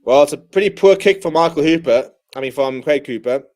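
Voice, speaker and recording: A man with a fairly high voice hosts a live rugby watchalong, ranting in exasperation at his own team. He calls the action in short, clipped bursts between complaints. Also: fairly quick, a little mellow. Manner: exasperated, ranting fan commentary. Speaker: watchalong host. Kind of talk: live match watchalong commentary.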